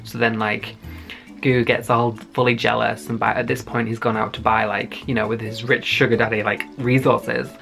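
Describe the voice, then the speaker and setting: Young man, gravelly voice, crude and rambling, casual recap. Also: mid-range voice, level tone, normal speed, fairly bright tone, soft background music. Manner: crude, rambling, heavy filler and swearing. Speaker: YouTube reviewer. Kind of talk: casual recap of a web series.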